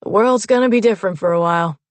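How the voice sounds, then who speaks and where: A woman's voice: medium pitch, fast talker, no room sound, lightly acted. Leonard, a woman voicing a cool, folksy armed man. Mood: folksy, matter-of-fact. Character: man, calm armed driver, folksy and ruthless.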